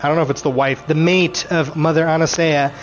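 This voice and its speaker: A man ranting through a show recap, animated and frustrated, swearing freely and acting out characters' lines. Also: on the high side, faint music behind. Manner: acts out characters' lines in quick voices.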